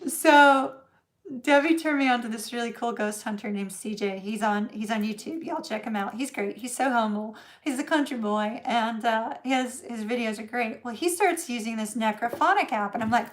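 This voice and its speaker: Woman, middle-aged, casual livestream storytelling, chatty, laughs often, slightly high voice. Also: unhurried. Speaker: tarot reader host.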